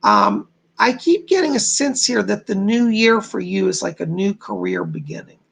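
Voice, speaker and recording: A man's voice: high-pitched, wildly swooping pitch, normal speed, gravelly, a bit bright, slightly rough. A man hosting a live stream as a psychic medium, reading viewers' comments aloud and passing on spirit messages in an informal way. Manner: informal, repeats "I gotta tell you".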